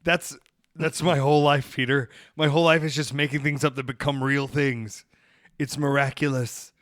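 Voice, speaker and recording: A man hosts a podcast, rambling through stories in an animated, profane way. His voice sits at a middle pitch and is heard close on a podcast mic. The recording is dry. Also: normal speed, no echo. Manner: rambling, animated storytelling, swearing. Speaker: podcast host. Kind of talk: casual podcast chat.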